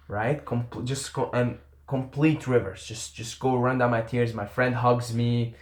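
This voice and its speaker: A man's voice: mid-range voice, level tone, a little slow. A man telling a personal story to camera in a casual, earnest and intense way, often trailing off and swearing. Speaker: vlogger. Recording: roomy echo.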